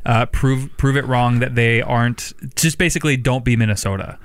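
A man co-hosting a casual sports podcast, easygoing and quick to laugh. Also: medium pitch, fairly even intonation, dry recording. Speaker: podcast co-host.

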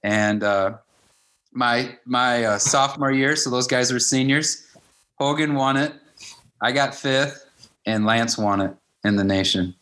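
A man in his fifties, a high school wrestling coach, telling stories in a casual interview and acting out the dialogue. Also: a little slow, bright, forceful tone. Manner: anecdotal, acts out quoted dialogue with "I'm like".

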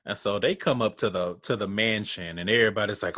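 A man's voice: on the low side, lively intonation, quick pace, hardly any pauses, pushed and bright, no room sound, studio quality. A man casually recapping a reality show with a co-host, blunt and profane, laughing often and acting out what people said. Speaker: podcast co-host.

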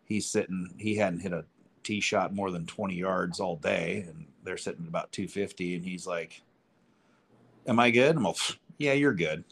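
A man's voice: deep voice, level tone, normal speed, gravelly, breathy edge. A man co-hosting a podcast, telling rambling, profane golf anecdotes and acting out the people in them. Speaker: podcast co-host. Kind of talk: casual chat, storytelling.

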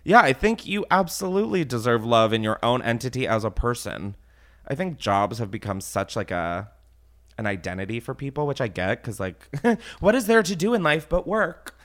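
Excitable rambling young man, lively pitch. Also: normal speed. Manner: rambling, excitable, swears often. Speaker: podcast host. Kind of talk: casual chat.

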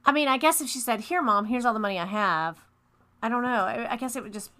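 A woman's voice: a little high, quick pace, bright, forceful tone. A woman co-hosting a podcast who chats casually and thinks aloud with some hesitation. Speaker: podcast co-host. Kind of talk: casual chat.

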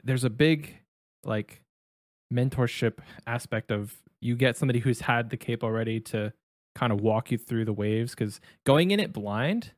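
A man's voice: mid-range voice, moderate pace, dry recording. Easygoing male co-host, dry sound. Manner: easygoing, advising, laughs often. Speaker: podcast co-host. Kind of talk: casual chat and show sign-off.

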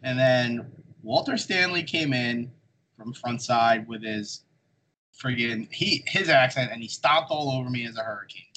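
A man hosts a casual podcast with a middle-pitched voice. He talks in halting, filler-laden bursts and likes to joke. A faint background hiss sits under the recording. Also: pushed and bright, poor audio. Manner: filler-heavy, hesitant, joking. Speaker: podcast host.

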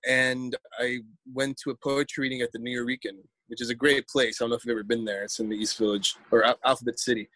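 A man's voice: mid-range voice, level tone, quick pace, hardly any pauses, pushed and bright, no echo. A man, a poet telling a story in a casual interview, rambling and repeating words as he acts out quotes.

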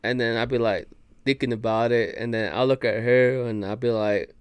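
A man's voice: medium pitch, steady tone, normal speed, clear, resonant tone, no room sound. A man guest on a podcast, telling a story in loose, profane slang and laughing as he goes. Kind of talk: casual storytelling chat.

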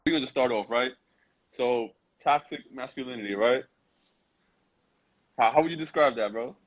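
A young man, hosting a relaxed chat and often repeating himself with "right?" and "you know what I'm saying?". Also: mid-range voice, normal speed. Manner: laid-back, repeats phrases, asks "right?". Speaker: podcast host. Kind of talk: casual chat. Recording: muffled Instagram live audio.

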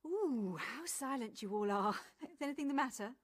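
An actress playing a flighty young wife in an old film drama, airy and quick to defy. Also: female voice, high voice, lively intonation. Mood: breezy.

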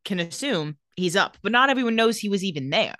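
Lively bright-voiced young woman. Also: medium pitch, fairly quick, no echo, clean studio sound. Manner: lively, laughs often, acts out quotes. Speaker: podcast co-host. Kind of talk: casual recap chat.

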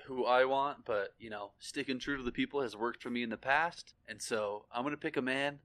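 Brief: male co-host, mid-pitched, playful and joking, casual banter. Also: fairly quick, fairly bright tone. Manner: joking, puts on silly voices. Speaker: podcast co-host. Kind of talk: casual chat.

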